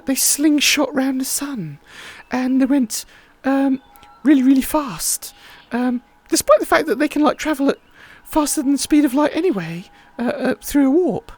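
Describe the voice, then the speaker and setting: A woman's voice: high-pitched, a little mellow, dry recording. A woman hosting a livestream, chatting in a rambling, casual way with many fillers. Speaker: livestream host.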